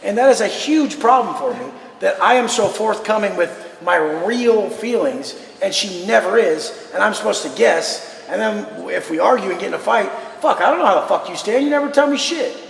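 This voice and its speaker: Gravelly high-pitched man, loud and heated. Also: animated. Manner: loud, profane, talks fast and over others. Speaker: guest in a filmed conversation. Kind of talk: heated casual talk. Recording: roomy echoey room, faint noise.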